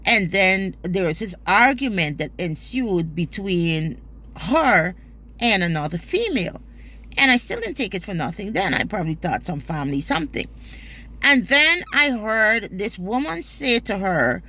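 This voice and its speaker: A woman's voice: medium pitch, big pitch swings, moderate pace, sharp tone. Emphatic Guyanese woman telling a story. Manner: emphatic, swears freely, Creole turns of phrase. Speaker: mother telling a personal story. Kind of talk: storytelling vlog.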